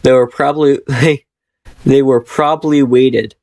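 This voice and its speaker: A man reading the lines of a terse woman who leads a scheming team, in a flat read-aloud delivery. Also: medium pitch, a little slow, no room sound, close to an everyday voice. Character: cool-headed woman, leader of a scheming trio.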